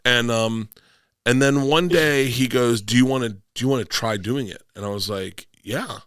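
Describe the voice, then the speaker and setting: A man's voice: medium pitch, normal speed, a bit bright, smooth, dry recording, clean studio sound. A middle-aged man from Florida, a comedian guest telling rambling stories in casual podcast chat and acting out quotes in bursts.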